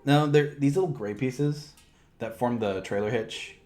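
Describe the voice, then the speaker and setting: A man's voice: medium pitch, a little slow, a little mellow, slight background noise. A man chatting playfully in a casual toy review vlog, joking at himself while he assembles a figure. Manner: playful, goofy, self-mocking chatter; talks while handling a toy.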